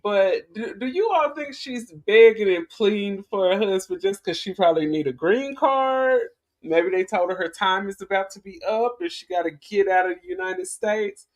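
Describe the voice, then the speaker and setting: A woman's voice: medium pitch, moderate pace. A woman hosting a casual commentary vlog, talking in a chatty, rambling way to her viewers. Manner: chatty, rambling, with frequent restarts and laughs. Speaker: vlogger host.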